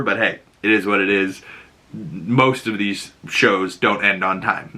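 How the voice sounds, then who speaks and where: A man hosting a casual pop-culture chat, excitable and rambling, with lots of "like" and "you know". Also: fairly low pitch. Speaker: podcast host.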